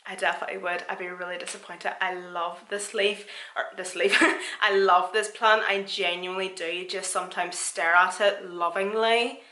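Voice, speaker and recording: Bright chatty woman, echoey room. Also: mid-range voice, steady tone, normal speed. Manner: chatty and self-mocking, laughs often. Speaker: vlogger. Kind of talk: casual plant tour vlog.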